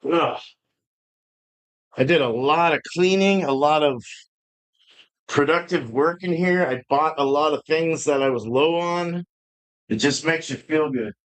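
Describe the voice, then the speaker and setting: A man chats loosely through a live home-brewing stream in a voice pitched a bit above the usual male range. He rambles from story to story and swears freely, breaking into laughs along the way. He talks from his own brewing space at home. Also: unhurried, pauses often. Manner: rambling, profane, laughs often. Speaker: homebrewing live-stream host. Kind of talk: casual live-stream chat. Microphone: streaming setup.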